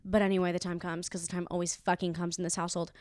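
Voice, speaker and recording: A woman's voice: lowish voice, little pitch movement, racing, noisy background. A young woman co-hosting a podcast, telling a frank story in casual chat, swearing freely and acting out the quotes. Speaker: podcast co-host. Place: indoors, room at home.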